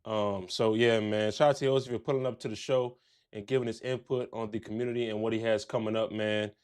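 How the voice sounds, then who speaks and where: A man's voice: fairly low pitch, fairly even intonation, fairly quick, darkish tone, clean tone. A man hosting a casual streamed interview, loose and slangy, laughing along with his guest. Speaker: host.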